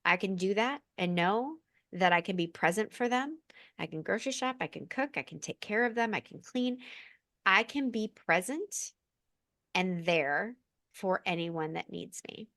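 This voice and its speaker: A woman speaking as a podcast guest in an expressive, candid, effusive way. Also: medium pitch, no room sound, studio quality. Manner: expressive, effusive, quick asides. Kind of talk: candid conversational chat.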